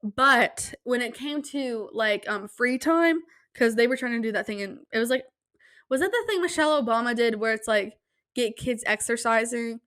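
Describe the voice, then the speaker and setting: A young woman hosting a casual solo podcast at home, telling stories in an animated, self-deprecating way and acting out quotes. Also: moderate pace. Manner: animated, self-deprecating, acts out quotes with big pitch jumps. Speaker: podcast host. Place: home room, quiet at night.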